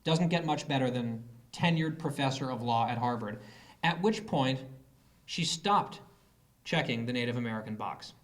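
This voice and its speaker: A man's voice: medium pitch, animated, normal speed. A man giving a political speech to a live audience, telling a story with sarcasm and mocking quoted voices. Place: conference hall.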